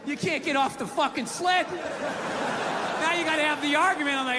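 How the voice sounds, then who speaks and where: A man's voice: very high-pitched, normal speed, background noise. A male stand-up comedian ranting and swearing, telling exasperated stories to a live audience. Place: large comedy venue. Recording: live hall with crowd laughter.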